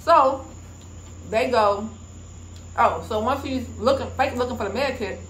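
A woman's voice: on the high side, measured pace, a bit bright, a little hiss or hum. A woman vlogger in casual commentary, retelling a story emphatically and indignantly. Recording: echoey room with faint ambience.

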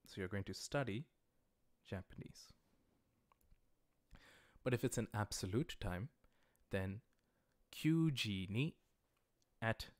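Guy explaining grammar in a live class, lowish voice, patient, slows down for examples. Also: dry recording. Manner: patient, explanatory, repeats example sentences slowly. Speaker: language teacher. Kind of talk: livestreamed lecture.

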